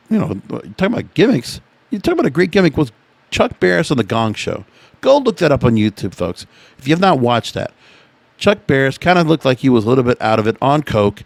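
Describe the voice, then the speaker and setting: A man's voice: mid-range voice, vocal fry, dry recording. A man hosting a podcast, reading from an article and reacting to it in an opinionated, chatty way. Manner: opinionated, chatty, reacting to what he reads aloud. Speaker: podcast host.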